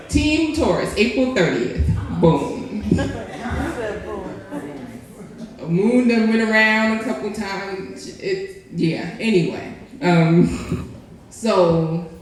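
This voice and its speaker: A woman's voice: mid-range voice, lively intonation, extremely slow, long pauses. Sultry woman performing spoken word. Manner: sultry, playful, laughing asides to the crowd. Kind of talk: performance poetry at an open mic. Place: live restaurant lounge open mic. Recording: very echoey live room.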